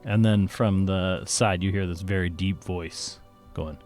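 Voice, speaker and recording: A man's voice: deep voice, steady tone, unhurried, darkish tone, faint music behind. A man narrating a tabletop game as game master, playful and making sound effects.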